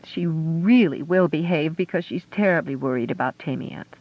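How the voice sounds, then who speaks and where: A man voicing a flustered, fretful woman dragonrider who pleads in a quavering, high voice. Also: expressive, moderate pace. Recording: dull lo-fi audio.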